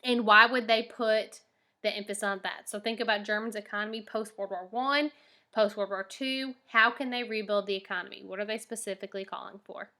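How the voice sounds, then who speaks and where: Bright-voiced woman teacher explaining patiently. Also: mid-range voice, fairly even intonation, a little fast. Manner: patient and explanatory, often checks in with the class. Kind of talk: recorded lesson, reading documents aloud and explaining questions.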